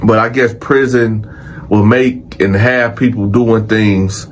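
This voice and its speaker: A man telling a prison story in a casual, animated and profane way, addressing his audience directly. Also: on the low side, slow pace, a little hiss or hum. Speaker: storyteller host.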